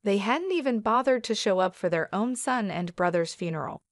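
A woman narrating a dramatic first-person story in an even, measured way. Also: medium pitch, no room sound, clean studio sound.

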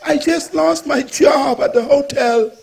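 A man's voice: very high-pitched, unhurried, vocal fry, darkish tone, shouting, exaggerated voice. A male preacher voicing a desperate, jobless single mother who pleads through sobs. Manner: sobbing, pleading.

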